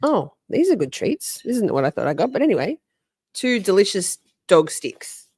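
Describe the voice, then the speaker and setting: A woman's voice: medium pitch, sing-song, moderate pace, a little mellow, breathy edge, dry recording, clean studio sound. A woman hosting a casual livestream from home, greeting viewers by name, chatty and a bit profane. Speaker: livestream host. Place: home, with dogs nearby.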